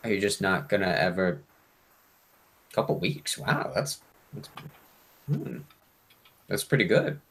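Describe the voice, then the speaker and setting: A man's voice: sits low, expressive, measured pace, long pauses, a bit bright, breathy edge, exaggerated voice. A man voicing a sly male demon who coaxes and bargains with its host. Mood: wheedling. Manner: wheedling, coaxing, sarcastic.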